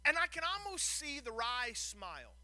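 A man preaching a sermon, retelling a Bible story with lively acted-out lines and frequent stumbles and repeated words. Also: very high voice, moderate pace, dry recording.

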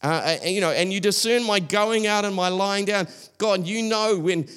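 A man preaching in an earnest, conversational way, his voice sitting a little high. He often restarts his sentences and speaks plainly, as if talking things over with the room. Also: moderate pace, fairly bright tone, clean tone. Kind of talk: sermon.

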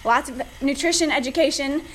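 Upbeat woman host, bright high register, talks while riding a bike, light noise behind. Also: brisk, rough recording. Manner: upbeat, chatty, gives advice directly. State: slightly out of breath from cycling. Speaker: podcast host, fitness coach. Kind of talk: casual solo podcast talk.

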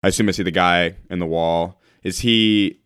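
Deep voiced dude playing a tabletop game, chill and rambly. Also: male voice, fairly even intonation, normal speed, a bit bright, clear, resonant tone, no echo, clean studio sound. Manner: casual, laid-back, filler-heavy. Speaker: player. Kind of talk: tabletop role-play chat.

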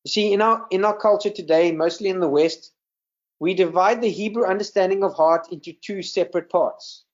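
A man's voice: sits high, brisk, dull audio. A man serving in ministry gives an earnest sermon over a video call, often repeating words as he teaches. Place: video call with screen share.

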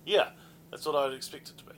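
A young man hosting a casual podcast chat, animated, laughing often and swearing freely. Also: a little high, fast talker, slight background noise.

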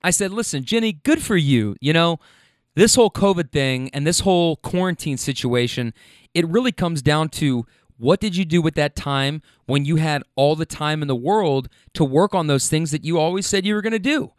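A man hosting a casual monologue, animated and frank, swearing freely as he retells a conversation. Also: a little high, moderate pace, dry recording, clean studio sound.

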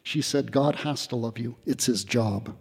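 Slow, gravelly man giving a retreat talk. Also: mid-range voice, in a large hall. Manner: reflective, gently humorous, with pauses and fillers. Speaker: retreat speaker. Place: retreat session in a hall.

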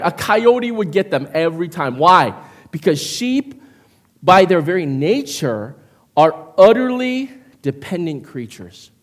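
A man in his fifties delivers an animated sermon. His voice sits high for a man and swings widely in pitch. His preaching is chatty, and he keeps prompting the congregation. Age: 50s. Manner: animated, conversational preaching with frequent "right?" and "okay?". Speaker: pastor. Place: church.

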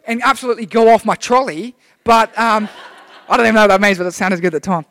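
A man's voice: high-pitched, fast, fairly bright tone. A young man giving a casual, rambling sermon, full of restarts, to a church group. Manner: chatty, rambling, with many restarts. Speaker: youth preacher. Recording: long hall reverb.

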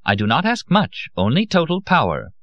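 A haughty storybook queen, cold and commanding, as a man puts her on with a raised voice. The delivery is lively and the recording is dry and muffled. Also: fairly high pitch, moderate pace, dry recording, voice pushed up. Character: haughty imperious female queen.

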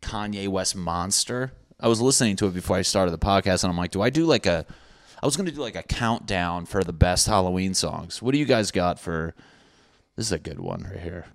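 Very deep-voiced rambling podcast man. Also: a little fast, creaky, no echo, clean studio sound. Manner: rambling, profane, jokey, goes off on tangents. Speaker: podcast host. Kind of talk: casual solo podcast monologue. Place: apartment room with thin walls.

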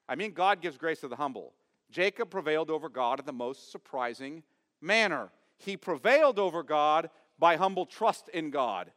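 Man preaching, voice a bit high, big echoey church hall, punchy and emphatic. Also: fairly bright tone. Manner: emphatic, rising and dropping for stress, asks the congregation questions. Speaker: pastor. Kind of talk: sermon. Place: church sanctuary.

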